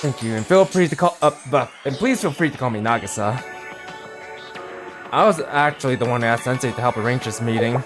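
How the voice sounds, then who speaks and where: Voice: medium pitch, a little fast, soft background music, voice pushed down, close to an everyday voice. A reader voicing a refined, courteous young lady. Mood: polite. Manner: courteous, formal, gentle hostess talk. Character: refined young female school leader, polite host. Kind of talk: game story reading with character voices.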